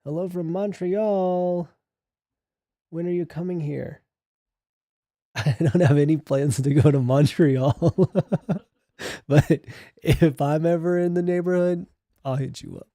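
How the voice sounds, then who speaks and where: A man's voice: a little high, steady tone, a little slow, long pauses, dark tone, no echo, studio quality. A young man hosting a casual livestream, chatty and joking as he reads the chat aloud. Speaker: livestream host.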